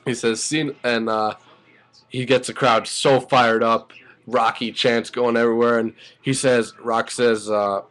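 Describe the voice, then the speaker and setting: A man giving an excited, profane, rambling casual review as a wrestling fan, full of fillers. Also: mid-range voice, unhurried, soft background music, poor audio.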